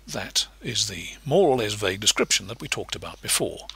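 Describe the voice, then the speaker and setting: Husky male lecturer, bright and lively. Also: a little fast, no echo. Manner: patient, explanatory, lively pitch shifts. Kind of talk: recorded lecture narration.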